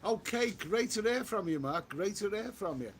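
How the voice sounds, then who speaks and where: This male travel vlogger talks at a normal speed with a high-sitting voice and lively intonation while walking outdoors. He reads his live chat aloud on the stream, chatting casually and repeating himself, over a little hiss or hum.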